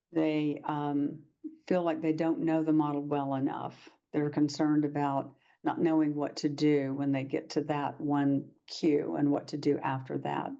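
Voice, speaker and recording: A woman's voice: sits low, gravelly, mellow, lo-fi sound. A woman presenting a workshop lecture to practitioners, talking in a conversational way and acting out short quoted exchanges.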